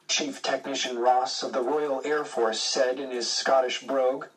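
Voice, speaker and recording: A male audiobook narrator reading a first-person story in a steady, measured way. His voice is middling in pitch and sits a little back from the microphone. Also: recorded from a distance, low-quality recording.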